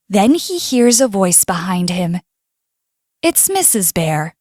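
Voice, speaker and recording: A young woman with an Indonesian accent reading a fable aloud for a class in a slow, expressive way. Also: medium pitch, dry recording, studio quality. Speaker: student presenter. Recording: faint background music.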